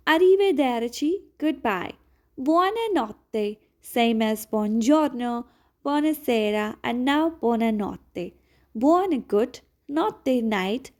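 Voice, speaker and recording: A woman's voice: high-pitched, a little mellow. A woman teaching Italian phrases one by one, repeating each and translating it into English in slightly non-native phrasing. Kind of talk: slow language lesson.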